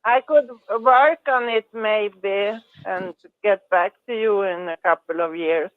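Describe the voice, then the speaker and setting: A woman's voice: medium pitch, slow pace, no echo. A woman chatting casually in a group call, hesitant and searching for words. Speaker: caller in group chat. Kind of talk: casual chat. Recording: tinny dry phone line.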